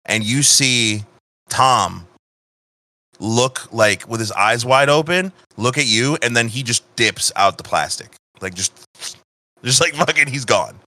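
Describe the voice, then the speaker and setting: A man's voice: medium pitch, lively intonation, unhurried, sharp tone, no room sound. A man narrating a tabletop game as game master, loose and profane, often restarting sentences.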